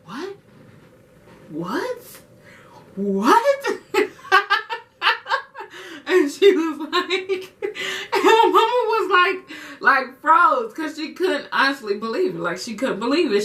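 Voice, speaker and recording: A young woman vlogger telling a personal story in casual chat, animated and acting out quotes in a high voice, slightly off-mic. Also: recorded from a distance.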